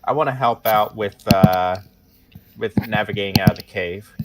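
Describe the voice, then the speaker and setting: A man's voice: lowish voice, moderate pace, heavy background noise. A man playing a tabletop game, rambling with many fillers. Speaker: player.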